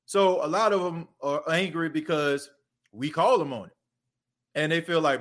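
A man's voice: on the high side, moderate pace, fairly bright tone. A man hosting a casual sports podcast, talking loosely and conversationally and using lots of filler phrases. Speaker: podcast host.

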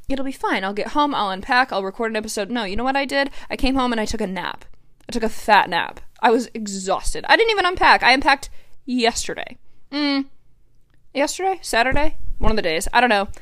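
A woman's voice: mid-range voice, a bit bright, no room sound. A woman in her twenties hosting her own podcast, chatting casually in a bubbly way, full of fillers and "like"s, into a podcast microphone at home. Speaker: podcast host. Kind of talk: casual solo podcast chat.

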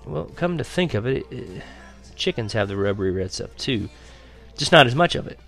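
Cocky teen buddy, a man pitching up. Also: sing-song, moderate pace, creaky, a bit bright, soft background music. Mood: teasing. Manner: high, offhand, teasing. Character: cocky teenage boy, best friend.

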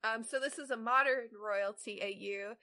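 Reading fan fiction aloud on a casual podcast she co-hosts, a woman in her twenties hesitates and trips over words between bits of chat. She has a fairly high, sharp-toned voice and speaks at normal speed.

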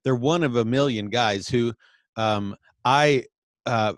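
A man co-hosting a casual talk show, speaking in a relaxed, hesitant way with many fillers. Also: mid-range voice, takes it slowly, dry recording, studio quality. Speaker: podcast co-host. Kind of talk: casual conversation about preaching.

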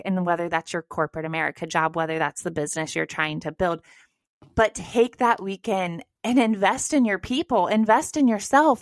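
A woman's voice: medium pitch, no room sound. Upbeat woman podcast co-host, dry sound. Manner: encouraging, direct, addresses listeners as "girl" and "you guys". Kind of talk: casual motivational chat.

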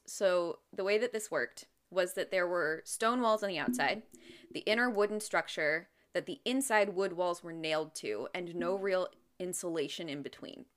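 Woman co-host telling a story. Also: fairly low pitch. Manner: laughs often, lively storytelling. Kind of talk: casual storytelling chat.

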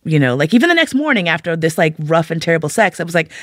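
A woman's voice: on the low side, sing-song, fairly quick, hardly any pauses, no echo, clean studio sound. A woman telling a frank, candid personal story as a monologue, acting out her own thoughts in quoted asides.

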